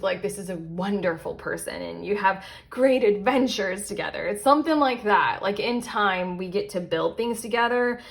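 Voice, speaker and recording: A tarot reader with a gravelly, medium-pitched voice does a casual pick-a-card reading for her viewers at a normal speed, rarely pausing. She rambles, fills the air with fillers and asides, and keeps interrupting herself to correct what she just said.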